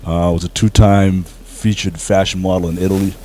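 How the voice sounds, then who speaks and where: Deep-voiced man, humble actor guest. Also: flat delivery, brisk, dark tone, a little hiss or hum, low-quality recording. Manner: humble, hesitant with many fillers. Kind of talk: casual interview.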